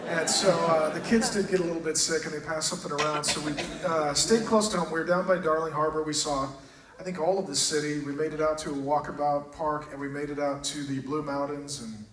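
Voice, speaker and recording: A man, a pastor telling jokey, animated stories in an on-stage interview in a large auditorium. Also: a little high, brisk. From United States. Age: 30s. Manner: joking, animated storytelling. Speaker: pastor, guest speaker. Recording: roomy hall, picked up from far off, audible noise.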